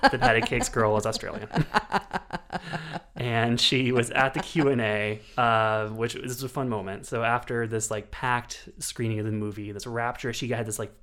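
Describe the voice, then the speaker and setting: Laughing, animated man chatting. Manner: animated storyteller, breaks into high-pitched quoted voices and laughs often. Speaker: podcast host. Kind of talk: casual chat.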